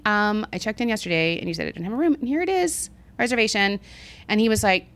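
Speaking quickly in a mid-range voice, a woman co-hosting a podcast recounts a travel story over casual conversation. She's a lively storyteller who performs the voices of the people in it.

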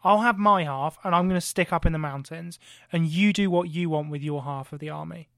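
A man voicing a calm, shrewd male Roman dictator who talks bluntly and swears casually. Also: fairly high pitch, brisk, vocal fry, no echo, studio quality. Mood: dismissive. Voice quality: blunt, matter-of-fact, sweary.

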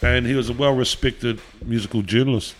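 A middle-aged man with a New Zealand accent tells stories in a relaxed interview. He talks animatedly, swears freely and laughs often. His voice sits at an ordinary pitch for a man. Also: fairly quick. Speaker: podcast guest, musician. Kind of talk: casual interview storytelling.

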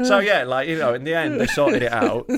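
Animated swearing podcast man. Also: fairly high pitch. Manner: animated, swears, quick-tempered storytelling. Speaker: podcast co-host. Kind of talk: casual comedy chat.

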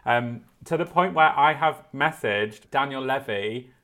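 Effusive man, mid-pitched voice. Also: a little slow. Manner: effusive, excitable, gushing. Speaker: podcast co-host. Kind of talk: casual chat.

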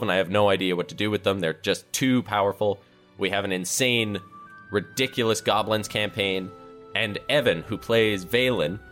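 A man's voice: lowish voice, fairly bright tone. A man acting as dungeon master and host, narrating a tabletop game in a loose, chatty way with jokes and fillers.

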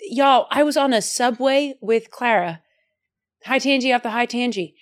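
A woman's voice: on the high side, normal speed. A young woman hosting a casual podcast chat, playful and teasing, acting out her stories. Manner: animated, playful teasing, acts out quotes. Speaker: podcast host.

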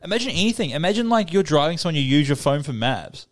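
A man's voice: fairly high pitch, quick pace. A young adult man with an Australian accent, co-hosting a casual podcast chat, telling stories and swearing freely. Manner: swearing, storytelling, animated retelling. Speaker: podcast co-host.

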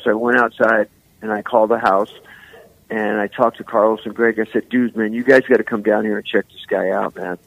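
An older man from San Francisco, a musician guest, telling rambling, animated stories full of "man" and "you know.". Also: on the low side, brisk, vocal fry, poor audio. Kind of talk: casual storytelling interview.

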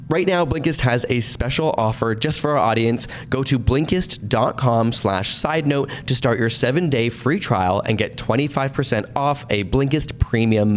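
A man's voice: mid-range voice, slight background noise. Upbeat man reading a sponsor ad. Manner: upbeat promotional. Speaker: podcast host. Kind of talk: sponsor read.

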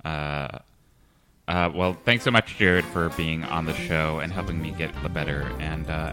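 A man hosting a comedy podcast, deadpan and hesitant, full of ums and uhs. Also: rumbling low, a little slow, music in the background. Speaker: podcast host.

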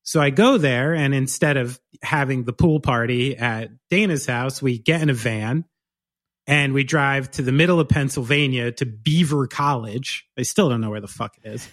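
A man co-hosting a podcast, chatting casually and telling stories in an animated, joking way. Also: mid-range voice, normal speed. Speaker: podcast co-host. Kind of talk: casual chat.

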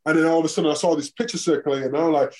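A man's voice: on the high side, fairly even intonation, very fast, a little mellow. A man, a former football player and podcast guest, telling a story in casual chat and acting out the exchanges he quotes.

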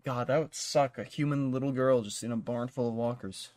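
A man hosting a podcast in a casual chat, rambling and swearing through a recap with lots of ums and likes. His voice sits at a middling pitch and is recorded dry and close, with no room sound. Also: steady tone, a little fast, darkish tone, no room sound. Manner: rambling, profane plot recap with many fillers. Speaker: podcast host.

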